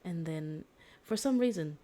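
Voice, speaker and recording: A woman's voice: lowish voice, expressive, unhurried, dark tone. A woman streamer casually retelling a story in a rambling way, with lots of fillers and restarts. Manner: rambling, filler-heavy, self-correcting.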